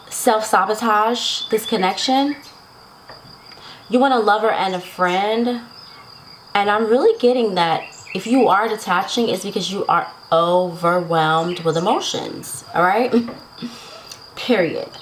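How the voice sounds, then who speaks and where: A woman's voice: medium pitch, slight background noise, poor audio. A woman giving a casual tarot reading to her viewers, chatty and laughing often, checking in with "right?" and "okay?". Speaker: tarot reader.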